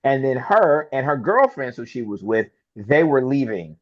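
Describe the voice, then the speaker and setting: A man speaking at a middle pitch tells a personal story with animated energy, slipping into the voices of the people in it. The sound is a little dull and lo-fi, like a modest podcast recording. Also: moderate pace. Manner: lively storyteller who acts out quoted dialogue. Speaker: interview guest, film producer.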